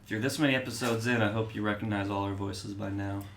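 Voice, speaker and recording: Casual podcast co-host, young male, low monotone delivery, rambling, echoey room. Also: fast talker, vocal fry. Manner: rambling storytelling with restarts. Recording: echoey room, faint background noise.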